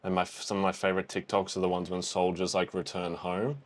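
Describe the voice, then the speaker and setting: He has a low, level voice and speaks a little fast: a young man hosting a reaction video. Seeing the film for the first time, he keeps up a chatty, exclamatory running commentary, thinking aloud.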